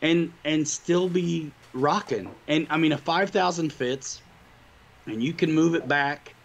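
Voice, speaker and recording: A man's voice: fairly high pitch, unhurried, creaky, dull audio. A man co-hosting a livestream, chatting casually and upbeat with viewers. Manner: upbeat, rambling, hobby talk to viewers. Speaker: livestream co-host. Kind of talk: casual chat.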